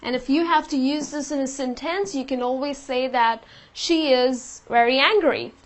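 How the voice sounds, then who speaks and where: Female teacher, higher voice, patient and explanatory, lesson delivery. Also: normal speed. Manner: patient, explains with example sentences. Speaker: English teacher.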